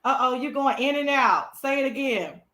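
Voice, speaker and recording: A woman hosting a casual livestream chat, loud, dramatic and profane, often breaking into laughter. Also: sits high, moderate pace, echoey room. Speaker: host.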